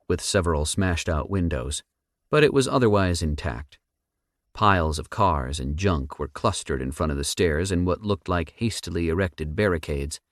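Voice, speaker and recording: A male audiobook narrator with a very low voice. He reads in an even, measured way on a close mic. The sound is dry, with no echo. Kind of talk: scripted narration.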